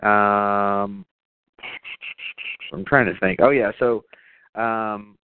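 A man's voice: lowish voice, steady tone, extremely slow, clear, resonant tone, dry recording. A man co-hosting a podcast, recapping a horror movie in casual, profane chat with lots of fillers and laughs. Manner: profane, rambling, laughs often. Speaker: podcast co-host. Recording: tinny phone-like, dry sound.

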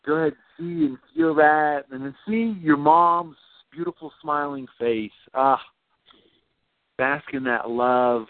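A man host leading a guided visualization, slow, soothing and encouraging. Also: fairly high pitch, lively intonation, no echo. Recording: tinny phone-like line.

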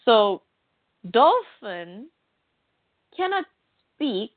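A woman's voice: a little high, sing-song, extremely slow, dry recording. A woman co-hosting a casual comic book chat, chatty and often quoting her own reactions. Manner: chatty, quotes herself with "I'm like". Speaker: podcast co-host. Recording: tinny phone-like line, dry.

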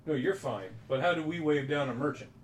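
A man's voice: on the high side, brisk, a little hiss or hum, lightly acted. A man voicing a friendly male adventurer who keeps asking questions, heard in a roomy space from a distance. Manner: chatty, persistent questioning.

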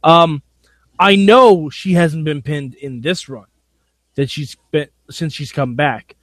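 A man co-hosting a wrestling podcast, excitable and goofy, laughing often. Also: on the high side, slow pace, dry recording. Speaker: podcast co-host. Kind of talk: casual podcast chat.

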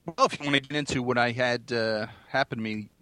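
A man co-hosting a casual podcast, halting and dryly sarcastic. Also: medium pitch, bright, forceful tone, no echo. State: sounding odd this morning. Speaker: podcast co-host.

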